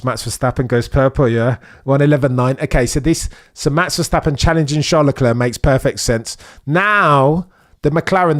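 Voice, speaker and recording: A man streaming a live race watch-along, commenting excitedly and pleading with the drivers, dropping to low mutters and jumping to high, urgent bursts.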